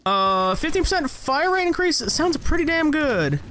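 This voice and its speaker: A young man giving casual, rambling gameplay commentary, joking at himself and jumping into high excited yelps as he plays. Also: moderate pace, a little hiss or hum. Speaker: gaming channel host.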